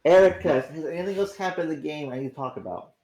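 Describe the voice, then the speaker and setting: Groggy swearing man, higher voice. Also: fast talker, a little mellow. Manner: rambling, swears freely, stammers on restarts. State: tired, groggy. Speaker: host. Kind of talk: casual livestream chat.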